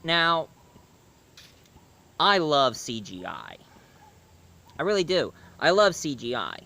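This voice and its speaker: A man reviews a cartoon in a relaxed, unscripted way, often stopping to restart or correct himself. He talks slowly. His pitch sits fairly high for a man and moves around a lot. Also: vocal fry. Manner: halting, with restarts and self-corrections. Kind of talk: casual video review.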